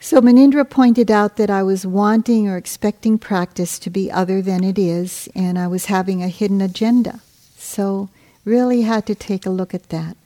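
A woman meditation teacher giving a dharma talk, soft and gentle, unhurried and reflective. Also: medium pitch, steady tone.

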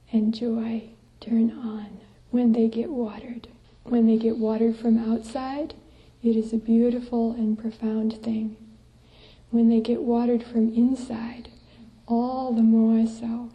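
Slow, gentle woman giving a dharma talk. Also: a little high, highs cut off. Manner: gentle and unhurried, dropping to soft breathy asides. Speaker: Buddhist nun teacher. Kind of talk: dharma talk to a meditation group. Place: meditation group gathering.

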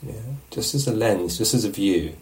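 A man teaching meditation, giving a relaxed, musing dharma talk at a retreat and often checking in with his listeners. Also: on the low side, normal speed, low-quality recording. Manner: reflective, musing, asks questions of the listeners. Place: meditation hall.

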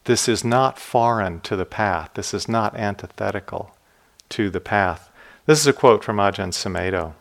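A man with a fairly low voice gives a dharma talk in an unhurried, storytelling way. His tone stays gentle and reflective. The ends of his phrases sink quietly. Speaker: meditation teacher. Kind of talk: dharma talk with personal stories.

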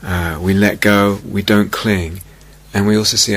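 A man giving a meditation teaching in a reflective, unhurried way, softly repeating key phrases. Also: fairly low pitch, steady tone. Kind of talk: dharma talk. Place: retreat meditation hall.

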